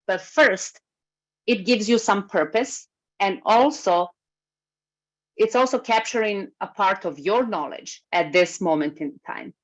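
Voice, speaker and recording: A woman giving a workshop talk over a video call, speaking in a lively way and moving as she talks. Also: mid-range voice, a little slow. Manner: lively, moves while speaking. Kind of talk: webinar talk. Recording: slightly muffled video call recording.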